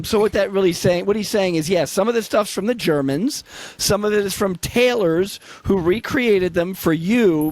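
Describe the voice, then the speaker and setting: Man, high voice, dry close sound, chatty co-host, explains terms, video call. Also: dry recording. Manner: chatty, explains slang with examples. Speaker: podcast co-host. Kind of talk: casual discussion.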